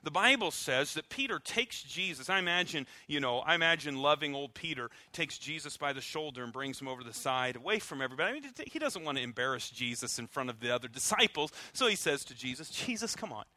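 A pastor preaches in a bright, cutting voice that runs a little high for a man, talking fast with hardly any pauses. He is animated and emphatic, hitting key words loudly and letting phrases fall low and soft, with dry humor and acted-out asides. The sound is close and dry, with no room echo.

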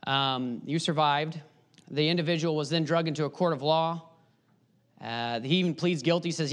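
A man's voice: on the high side, moderate pace, a bit bright. A man preaching a sermon, explaining his points earnestly and pressing harder on the key ones. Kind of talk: sermon teaching.

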